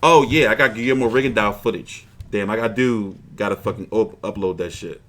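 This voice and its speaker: A man's voice: lowish voice, fairly quick, fairly bright tone. A man hosting a boxing livestream, chatting casually in a rambling, profane, frustrated way.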